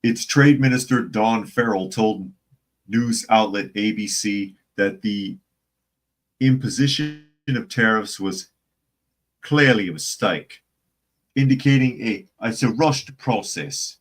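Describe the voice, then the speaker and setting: Brief: man, low deep voice, casual news host, chatty, reads articles aloud and greets the chat. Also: slow pace.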